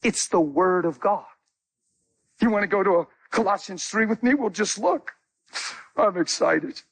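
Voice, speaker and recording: A man preaching a sermon as a guest speaker, animated, telling stories with acted-out dialogue. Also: sits high, a little slow, breathy edge.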